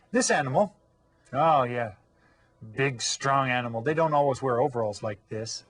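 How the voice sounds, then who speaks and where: Man teaching young kids, slow and encouraging. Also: mid-range voice. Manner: slow, drawn-out modeling of words for children to repeat. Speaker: Spanish teacher. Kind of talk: elementary school video lesson.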